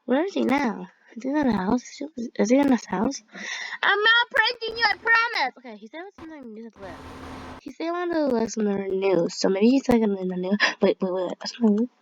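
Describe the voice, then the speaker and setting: A woman's voice: on the high side, fast, mellow, muffled recording. A young woman giving casual, rambling commentary while playing a game, giggling often and using lots of fillers. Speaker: gamer.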